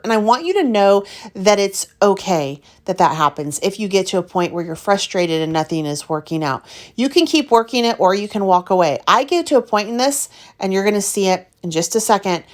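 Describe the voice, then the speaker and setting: Woman, casual craft vlogger, talks straight to viewers, openly frustrated. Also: mid-range voice. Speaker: craft video host. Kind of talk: casual chat narrating her art process.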